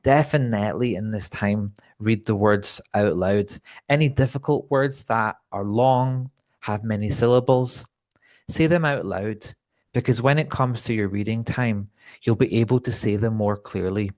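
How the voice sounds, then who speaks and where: A man teaching an English exam lesson to online viewers in a clear, deliberate way. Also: fairly low pitch, a little mellow.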